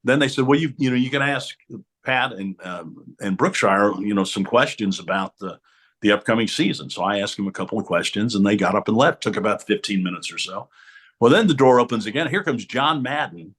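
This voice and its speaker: A man's voice: lowish voice, expressive, brisk, a bit bright. A middle-aged man, a sportscaster guest in a radio studio interview, tells stories with energy and acts out the voices of other people. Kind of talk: storytelling interview talk.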